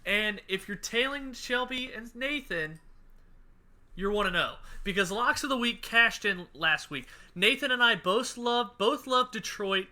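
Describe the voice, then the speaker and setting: A man co-hosting a sports podcast in casual chat, energetic and riffing jokes. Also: high voice, unhurried. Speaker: podcast co-host.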